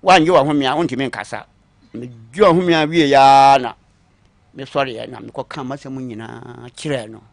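A man recounting his own long story on a talk show, acting out what others said to him, moving between quiet asides and louder bursts. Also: medium pitch, gravelly, no echo. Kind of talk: call-in story telling.

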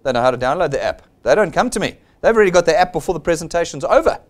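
A man's voice: fairly high pitch, animated, rapid-fire. A man with a South African accent giving a blunt, persuasive motivational sales seminar, acting out the people he quotes. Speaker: seminar presenter.

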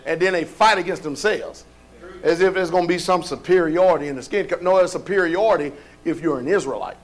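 High-voiced man preaching a folksy sermon. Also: a little fast. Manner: preaching with rhetorical questions, rising to shouts; colloquial, folksy delivery. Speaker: pastor.

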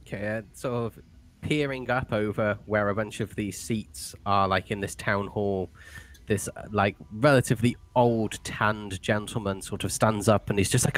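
A man's voice: on the low side, steady tone, normal speed. A man narrating as game master in a loose style, full of fillers.

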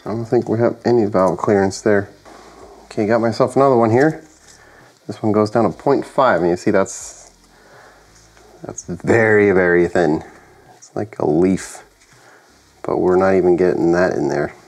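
A man's voice: fairly low pitch, normal speed, pauses often, a little mellow. A man sounding sick, casually narrating his engine work in a garage and thinking aloud with hesitant fillers and self-corrections. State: sick, voice affected by illness. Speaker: home mechanic and channel host. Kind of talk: casual workshop narration while working. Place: home garage workshop.

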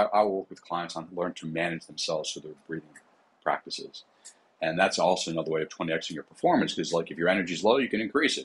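A man's voice: deep voice, fairly bright tone, husky, poor audio. A man, a psychotherapist and coach, talking casually in a podcast interview, with many fillers.

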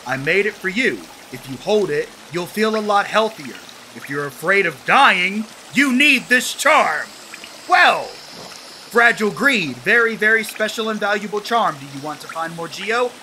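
A man's voice: high-pitched, lively intonation, a little slow, bright, forceful tone, a little hiss or hum, heavily acted, poor audio. A man voicing a greedy bug merchant who coaxes and wheedles as he sells charms. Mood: wheedling. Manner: wheedling, coaxing.

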